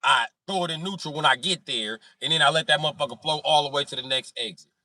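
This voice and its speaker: A man's voice: a little high, quick pace, pushed and bright, no echo. A man telling profane stories casually on a live stream, acting out sounds and voices. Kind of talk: casual storytelling.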